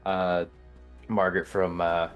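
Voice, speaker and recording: Excitable man playing a tabletop game. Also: sits low, a little slow, clean tone, faint music behind. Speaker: player.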